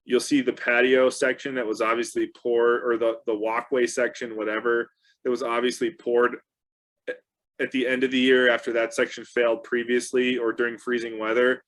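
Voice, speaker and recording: Relaxed chatty man in an engineering talk. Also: mid-range voice. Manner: relaxed, chatty, many fillers and restarts. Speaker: co-host. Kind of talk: casual technical discussion.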